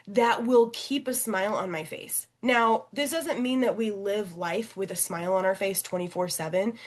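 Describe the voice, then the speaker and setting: A young adult woman, a podcast guest and coach, telling a personal story in an animated, expressive way. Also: medium pitch. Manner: animated and expressive, acting out quoted voices.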